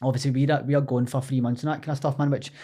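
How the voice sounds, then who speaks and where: A Scottish man hosting a podcast, chatting casually in quick, sweary banter full of laughs. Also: medium pitch, flat delivery, mellow. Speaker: podcast host. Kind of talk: casual chat.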